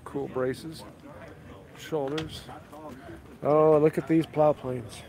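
A man's voice: a little high, steady tone, very slow, vocal fry, darkish tone. A man hosting a casual walk-through of tables at an outdoor tool sale, naming tools and prices as he goes. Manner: casual, chatty, lists prices and tools as he walks. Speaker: woodworking channel host. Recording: crowd noise outdoors. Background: crowd chatter.

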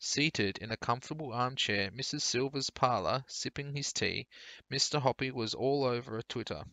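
A man teacher reading a children's storybook aloud for pupils in a clear, steady storytelling way. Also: mid-range voice, normal speed, no room sound.

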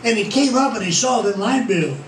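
An older man preaches in a folksy, storytelling way, his voice pitched high. He is heard from a distance in an echoey church, with a faint hiss behind him. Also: lively intonation, fairly quick. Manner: folksy, plain-spoken, rising to fervent exclamations. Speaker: pastor. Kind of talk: sermon storytelling. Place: church sanctuary.

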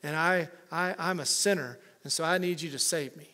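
A man's voice: a little high, normal speed, pushed and bright. A male pastor preaching a conversational sermon with humorous asides to his congregation. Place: church sanctuary.

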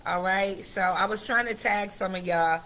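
A woman's voice: medium pitch, normal speed. Chatty woman hosting a live stream. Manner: chatty, excitable, talks straight to viewers. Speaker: host of a live affirmation stream. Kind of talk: casual live-stream chat.

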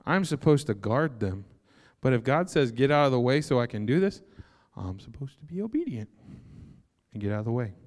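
Young guy preaching, jokey and excitable, voice ringing around a big hall. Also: medium pitch, brisk. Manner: animated, joking and excitable. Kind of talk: sermon. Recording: long hall reverb.

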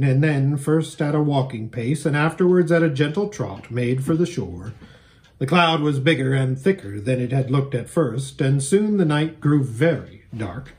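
Animated man reading a storybook aloud. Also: on the high side. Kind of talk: children's book read-aloud.

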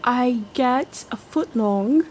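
A woman's voice: on the high side, takes it slowly, darkish tone, slight background noise. A woman from the UK chatting playfully on a game stream, giggling and teasing. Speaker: guest on the stream. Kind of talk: casual chat.

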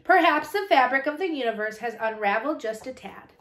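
A woman's voice: high voice, animated, a little fast, fairly bright tone. A woman voicing a huge, aloof male imaginary cat who talks in prim, old-fashioned phrases. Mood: wistful. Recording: roomy echo.

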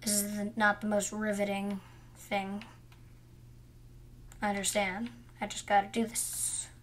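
A woman's voice: mid-range voice, monotone, a little slow, slight background noise. A young woman narrating a cooking game as she plays, muttering her actions to herself and chatting to viewers now and then. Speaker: gamer. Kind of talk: gameplay commentary.

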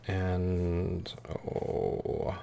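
A man narrates his gameplay in a lofty, theatrical persona, sprinkling his talk with darling and dear. His voice sits low and carries a gravelly rasp. He speaks slowly, and soft game music plays behind him. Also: monotone, slight background noise. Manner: theatrical, affected and pompous, calling characters darling and dear. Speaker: let's play host. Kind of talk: gameplay commentary in a pompous persona.

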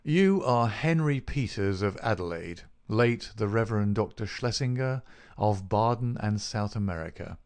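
A man's voice: fairly low pitch, lively intonation, moderate pace, darkish tone, dry recording. A man voicing a cool, commanding male detective in an audiobook, with clipped, firm speech. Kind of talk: audiobook character reading.

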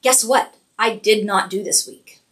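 A woman hosting a cosmetics live stream, chatty and quick to laugh. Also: mid-range voice, fairly bright tone. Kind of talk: casual live-stream chat.

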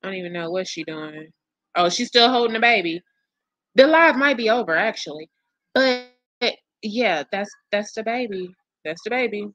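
A woman's voice: medium pitch, animated, normal speed, fairly bright tone, no room sound, lo-fi sound. A woman hosting casual commentary for her viewers, blunt, profane and exasperated as she gossips. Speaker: commentary channel host.

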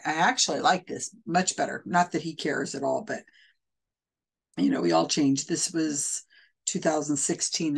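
Skeptical woman, casual low-pitched commentary. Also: breathy edge. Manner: skeptical, conversational, many fillers and restarts. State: hiccups. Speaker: commentator reviewing a psychic's readings.

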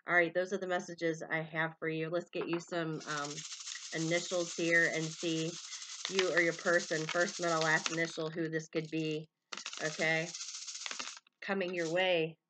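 A woman's voice: low voice, flat delivery, measured pace, background noise. A woman giving a collective tarot love reading to her viewers. She meanders, calls out names and initials as they come to her, and fills her speech with "you know" and "um". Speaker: tarot reader.

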